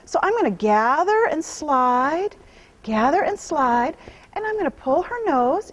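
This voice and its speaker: A woman horse trainer giving a hands-on demonstration, mixing soft repeated praise and hushed soothing with firm commands and calm explanations to viewers. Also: high-pitched, unhurried, slight background noise. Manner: drops into hushed near-whispers when soothing.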